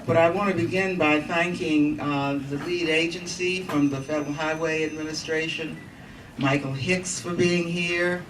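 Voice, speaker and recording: A woman hosting a community meeting as a congresswoman, giving formal opening remarks into a handheld microphone, halting and pausing with fillers. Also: sits low. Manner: formal, halting delivery with frequent pauses and fillers. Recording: distant mic, noisy meeting room.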